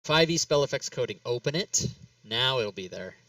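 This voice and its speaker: Male host, bright tone, slightly distant mic, rambling self-narration with laughs. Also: mid-range voice, lively intonation, moderate pace, dry recording. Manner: rambling, laughs often, talks himself through steps. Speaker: talk show host. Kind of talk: casual chat while working in game software.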